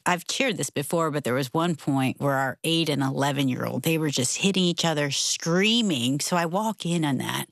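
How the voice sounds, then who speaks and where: A middle-aged woman co-hosts a relaxed faith chat and tells a family story with real animation. Her voice is on the low side for a woman. It is recorded dry and close. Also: normal speed, vocal fry, few pauses, no echo. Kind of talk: casual faith discussion.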